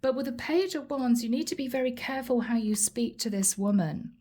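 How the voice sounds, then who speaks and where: A woman's voice: on the high side, brisk, warm tone, husky. A woman giving a channeled tarot reading, speaking earnestly and straight to the listener, often repeating her questions. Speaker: tarot reader.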